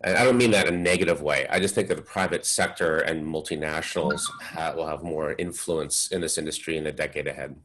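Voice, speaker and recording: Man, very low voice, panel expert, measured, explanatory. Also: a bit bright, slight background noise, poor audio. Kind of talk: webinar panel discussion.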